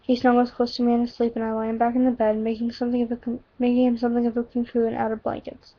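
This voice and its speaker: A woman's voice: on the high side, monotone, fast talker. Woman casually reading a story aloud. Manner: casual asides and self-corrections. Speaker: reader. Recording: dull lo-fi home recording.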